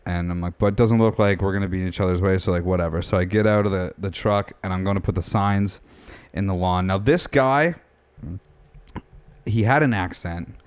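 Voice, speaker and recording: A man's voice: low voice, a little fast, smooth. A young man casually telling a story on a podcast, acting out both sides of the talk and swearing freely. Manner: animated storyteller, swears a lot, acts out quotes. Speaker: podcast co-host.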